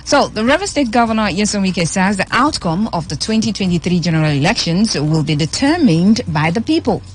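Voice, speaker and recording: A woman's voice: medium pitch, animated, brisk, a little hiss or hum. A woman with a Nigerian accent hosting a radio show, chatting and reading the news, stressing words by repeating them. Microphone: studio microphone.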